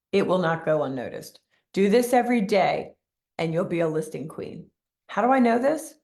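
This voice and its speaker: A woman's voice: lowish voice, vocal fry. A woman running a live-streamed motivational coaching session for real estate agents, who talks emphatically, repeats key phrases and keeps asking viewers to answer in the comments.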